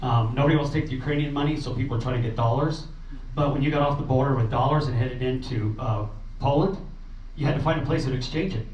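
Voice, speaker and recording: This is an informal meeting talk where a man recounts a refugee relief trip. He speaks fast in a mid-range, darkish voice, sincere yet meandering, with fillers and restarts throughout. The recording, made in a meeting room, has a roomy, far-off, dull quality and faint background noise.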